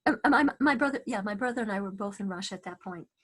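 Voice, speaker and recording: Husky-voiced woman telling a story. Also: medium pitch, fast talker. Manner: animated, many restarts, acts out voices. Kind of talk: casual spoken storytelling.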